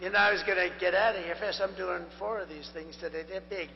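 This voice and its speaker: Gravelly older man at a rally. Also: sits high, fairly even intonation, fast. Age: 70s. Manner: rambling, repetitive, boastful asides. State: strained, tiring voice. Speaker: political candidate. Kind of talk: campaign rally speech. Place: large rally venue. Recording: dull echoing hall feed with hum.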